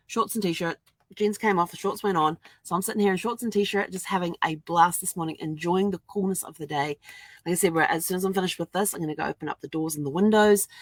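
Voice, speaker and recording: An older woman talks casually on a livestream from inside her RV. Her voice sits a little low, and she laughs often as she chats. The sound is dry and close. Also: vocal fry, no echo. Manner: chatty, laughs often, animated quoting. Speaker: vlogger.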